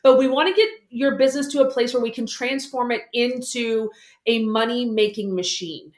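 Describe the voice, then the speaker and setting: Woman, animated interview guest, slightly high voice, roomy echo. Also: normal speed. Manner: animated, acts out quoted voices. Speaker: guest, money mentor. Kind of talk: casual interview chat.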